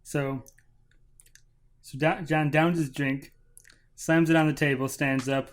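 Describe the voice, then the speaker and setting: A man's voice: on the high side, fairly even intonation, takes it slowly, long pauses. A man playing a tabletop game, narrating his character's actions with dry quips. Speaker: player. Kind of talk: casual tabletop play.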